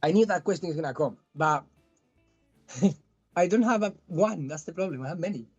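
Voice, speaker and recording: Halting man with a thick Spanish accent. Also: a little high, lively intonation, darkish tone, lo-fi sound, soft background music. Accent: southern Spanish. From Spain. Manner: halting, many restarts and repeated words. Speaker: guest. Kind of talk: casual interview chat.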